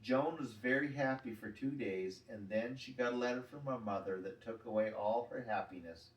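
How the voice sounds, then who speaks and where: A man reads a children's chapter book aloud at a normal speed, calm and steady. His mid-pitched voice sits far back from the mic in a roomy space.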